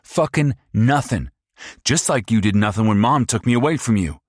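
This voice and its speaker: A man voicing a sneering, cruel young man who taunts and mocks, speaking higher and louder than his own narration. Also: animated, normal speed, no echo, clean studio sound. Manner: taunting, mocking.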